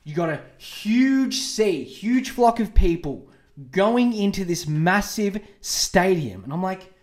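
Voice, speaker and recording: A crude, animated man in his twenties tells a long story on a podcast. His voice sits a little high for a man. The room rings with a roomy echo. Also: slow pace. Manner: crude, animated, acts out quotes in raised voices. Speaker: podcast host. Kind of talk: casual storytelling monologue.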